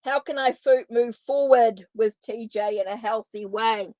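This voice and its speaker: A woman's voice: on the high side, a little slow, a little mellow, no room sound. A woman doing a live tarot reading, talking in a chatty, informal way straight to her viewers. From New Zealand. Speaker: tarot reader.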